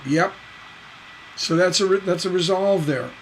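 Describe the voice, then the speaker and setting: A man with a slightly high voice who takes his time, teaching songwriting on a livestream. He breaks a lyric down with playful asides and sings out the syllable patterns. There is a faint hiss behind him. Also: a little slow, low-quality recording.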